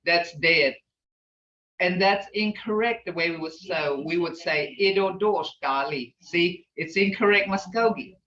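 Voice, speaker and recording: A woman's voice: fairly low pitch, unhurried, fairly bright tone, lo-fi sound. Older woman teaching, distant echoey audio. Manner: rambling, repeats "okay?" to check understanding. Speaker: language teacher. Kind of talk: informal online language class.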